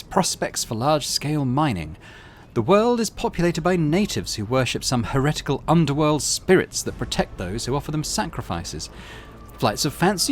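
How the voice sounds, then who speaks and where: A man voicing a cold, predatory noblewoman starship captain, dry and imperious, pitched well above his own voice. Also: a little hiss or hum. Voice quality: dry, commanding. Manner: haughty, imperious.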